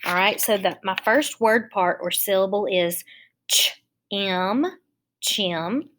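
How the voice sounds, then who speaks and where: A woman teaching a phonics lesson to young children, explaining each step slowly and patiently. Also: mid-range voice, fairly even intonation, fairly bright tone.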